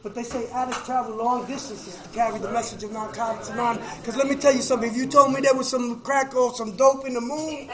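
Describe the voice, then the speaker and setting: A middle-aged man telling his recovery story to a meeting, emotional, with a preacher-like rhythm, going from hushed to shouting and repeating "man.". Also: very high-pitched, fairly even intonation, quick pace, few pauses, echoey room, crowd noise, poor audio. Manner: preacher-like, repeats phrases, says "man" often. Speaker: recovery speaker at a fellowship meeting. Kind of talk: personal testimony to an audience.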